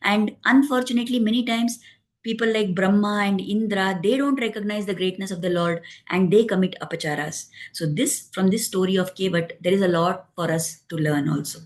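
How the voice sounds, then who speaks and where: A woman narrating a devotional story in a calm, explanatory way, adding moral lessons. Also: mid-range voice, a little fast.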